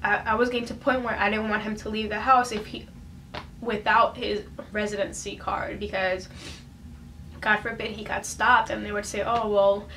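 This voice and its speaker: A young woman speaks straight to camera in a casual vlog, earnest and close to tears. Her voice sits at an ordinary middle pitch, and she talks in a halting way with lots of "um" and "like." A faint hum of background noise runs under her. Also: level tone, pushed and bright. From United States. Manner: emotional, earnest, full of fillers and restarts. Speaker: vlogger. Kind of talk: casual personal vlog talk.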